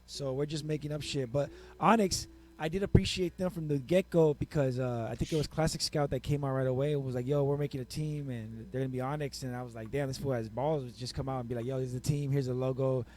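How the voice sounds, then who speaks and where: A man's voice: medium pitch, fast talker, hardly any pauses, slight background noise. A man co-hosting a casual podcast chat, telling stories and acting out quotes with lots of energy. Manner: animated storytelling, acts out quotes. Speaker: podcast producer and co-host.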